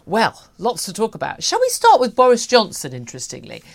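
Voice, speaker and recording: A woman's voice: mid-range voice, huge pitch swings, a little fast, vocal fry. A woman hosting a morning radio talk show, chatty and opinionated, with many fillers. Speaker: radio host.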